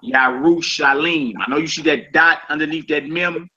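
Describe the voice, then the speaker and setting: Speaking in a fairly high voice, a man walks his audience through Hebrew vocabulary at an easy pace, saying every word slowly twice over and dropping laid-back slang comments along the way. The audio has a dull, lo-fi quality.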